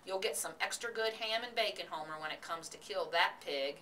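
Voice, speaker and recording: A woman's voice: on the low side, fairly quick, sharp tone. A woman voicing a hearty farmer father in a storybook, calling out cheerfully, recorded from a distance with faint hiss.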